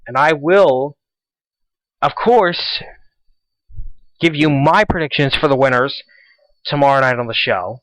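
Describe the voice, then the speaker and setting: A man's voice: mid-range voice, measured pace, pauses often, a bit bright, no room sound, poor audio. A teenage boy hosting a casual school radio show, rambling and repeating himself as he chats. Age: teens. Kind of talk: casual solo radio talk.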